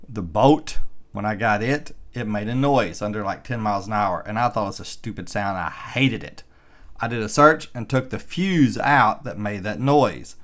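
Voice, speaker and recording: A man's voice: lowish voice, a bit bright. A middle-aged man vlogging about electric cars in casual commentary, reading an article aloud with rambling, opinionated and sarcastic asides.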